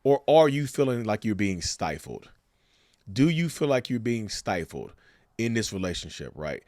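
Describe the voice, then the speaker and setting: A man's voice: lowish voice, no echo, studio quality. A man giving casual, emphatic commentary on relationships, asking the viewers rhetorical questions and calling them y'all. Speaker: commentator sharing a narcissist's view.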